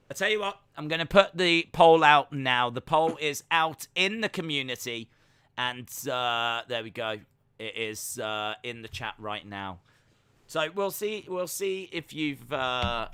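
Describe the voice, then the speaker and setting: A man's voice: mid-range voice, expressive, a little slow, pushed and bright, smooth, no echo. A man co-hosting a casual podcast chat over a video call, teasing and laughing often. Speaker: podcast co-host.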